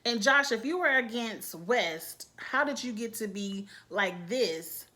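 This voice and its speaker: Woman vlogger, AAVE, sassy reality-TV recap, lively asides. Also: fairly high pitch, unhurried. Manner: sassy, animated, quotes cast members. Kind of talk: casual recap commentary.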